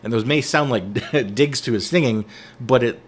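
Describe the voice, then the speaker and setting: A man co-hosting a podcast, making a thoughtful, measured point in casual discussion. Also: medium pitch, breathy edge. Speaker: podcast co-host.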